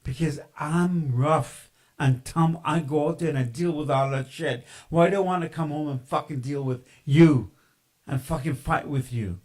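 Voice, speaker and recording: A man's voice: a little high, moderate pace, darkish tone. A man lecturing in a profane, ranting podcast monologue, full of fillers and insults.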